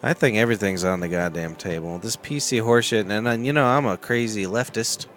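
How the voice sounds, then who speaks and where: A man's voice: on the low side, a little fast, a bit bright, faint music behind. A man from the United States co-hosting a podcast, ranting bluntly and cursing constantly in crude casual banter. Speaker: podcast co-host.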